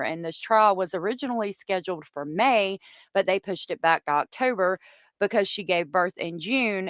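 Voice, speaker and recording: A woman's voice: on the low side, a bit bright, no room sound. A woman hosting a casual true crime livestream, chatty and gossipy, reading viewer comments aloud.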